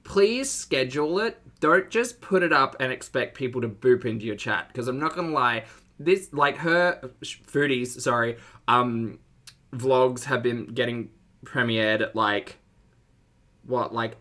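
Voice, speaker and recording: A man's voice: medium pitch, normal speed, sharp tone. A man hosting a casual livestream commentary, chatty and sarcastic, laughing often and greeting his chat viewers.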